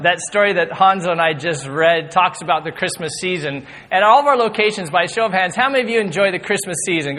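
A pastor opening a sermon, joking with and drawing in the congregation. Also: male voice, high voice, slight background noise. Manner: warm, joking, engaging the congregation. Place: large church hall with congregation. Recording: long hall reverb, faint crowd.

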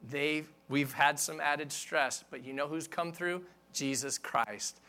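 Middle-aged man, pastor, sermon, candid and self-deprecating, bright forceful voice, slightly high. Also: slow. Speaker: senior pastor.

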